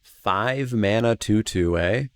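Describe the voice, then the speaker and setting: A man's voice: on the low side, slow pace. A man hosting a channel, reading game card text aloud and then musing over each one with hedging asides in casual review commentary.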